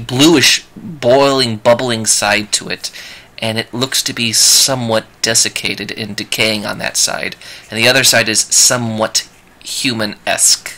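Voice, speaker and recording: Male game master, bright and cutting tone, excitable, laughs a lot. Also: medium pitch. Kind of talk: narrating a tabletop game.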